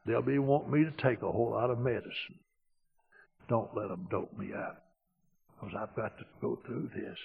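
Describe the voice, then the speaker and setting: An older man quoting a calm, firm elderly grandmother in his own soft voice. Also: medium pitch, moderate pace, gravelly, pauses often, narrow, tinny audio. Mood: steady.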